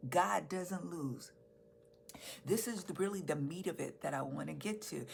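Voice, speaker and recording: A woman's voice: deep voice, a little fast, gravelly, darkish tone, slight background noise. A woman pastor preaching a sermon to her church in an earnest, emphatic way, repeating key phrases.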